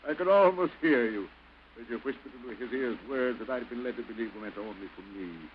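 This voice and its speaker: On an old, hissy early 1930s film soundtrack, an actor plays a bitter husband who coldly turns away his estranged wife, breaking into theatrical outbursts. His medium-pitched voice is expressive, a little fast and close to an everyday voice, with lo-fi sound.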